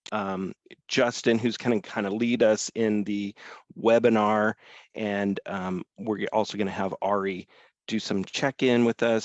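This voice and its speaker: A man's voice: on the low side, no echo, muffled recording. A man hosting a webinar over a video call, talking loosely with many fillers. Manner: loose, filler-heavy, apologetic. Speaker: webinar host, sales team member. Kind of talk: casual webinar talk.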